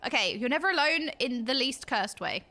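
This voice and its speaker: A woman's voice: high voice, lively intonation, moderate pace, bright, forceful tone. A young woman streaming a game, chatting and giggling with her viewers. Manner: bubbly, giggly, chatty, reacting to chat. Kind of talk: casual chat with livestream viewers. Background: background music.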